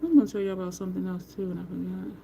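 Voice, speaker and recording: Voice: medium pitch, racing, gravelly, dark tone, slight background noise. Brief: talkative makeup host at home, rambling storyteller, mid-range voice, laughs often. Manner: greets live viewers by name. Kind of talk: casual chat while doing makeup.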